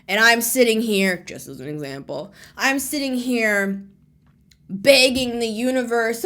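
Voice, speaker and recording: A woman's voice: on the high side, lively intonation, a little slow, a bit bright. A woman tarot reader musing aloud in a casual spiritual monologue, laughing often and dropping at times to a near-whisper.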